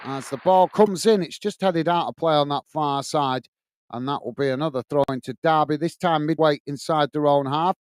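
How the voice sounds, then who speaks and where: A man's voice: a little high, moderate pace, clean tone, no echo, studio quality. A man from England hosting a live football watchalong, calling the play and reading out viewer messages in a chatty way. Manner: chatty, reads viewer comments aloud and calls play. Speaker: watchalong host. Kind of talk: live stream match commentary and chat reading.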